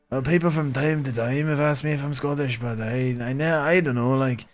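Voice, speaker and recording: A man's voice: mid-range voice, normal speed, hardly any pauses, soft background music. A man streaming a game live from his own room, rambling casually and chatting with his viewers. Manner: rambling, chatty, talking to chat.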